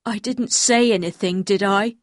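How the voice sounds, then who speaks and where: A woman voicing a simple-minded, fearful man in a storybook reading, speaking very slowly and haltingly in a low voice. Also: no echo, clean studio sound, natural voice. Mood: uneasy.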